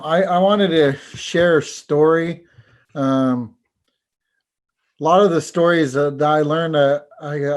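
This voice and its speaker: A man, a teacher and storyteller, telling a folk tale over a video call in an unhurried, halting way. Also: medium pitch. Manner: unhurried, halting, repeats words. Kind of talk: oral storytelling.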